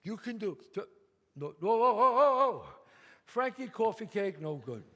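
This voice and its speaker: A man playing a loud, bossy, profane mob boss in a one-man stage show. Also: high voice, sing-song, moderate pace, breathy edge, full character voice. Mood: urgent. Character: brash swaggering mob boss man, middle-aged. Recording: live stage, long reverb, faint ambience.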